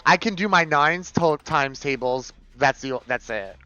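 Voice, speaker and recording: A man streaming live, chatting casually and campily with his viewers while he plays, his pitch jumping up for excited bursts. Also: a little slow, smooth. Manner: chatty and campy, reading chat aloud, swinging pitch. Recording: dull lo-fi stream audio.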